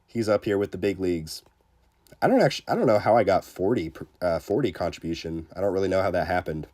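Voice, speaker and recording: A man's voice: low-pitched, fast. A man streaming a game live, chatting casually with many fillers, greeting viewers and poking fun at himself. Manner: self-deprecating and excitable. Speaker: livestreamer. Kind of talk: casual live gameplay commentary.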